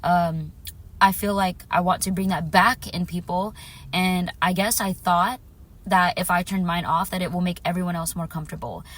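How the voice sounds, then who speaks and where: A woman's voice: on the low side, fairly even intonation, moderate pace, a bit bright. Earnest woman telling a personal story. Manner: earnest, repeats phrases for emphasis; affirming, speaks directly to viewers. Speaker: spiritual vlogger.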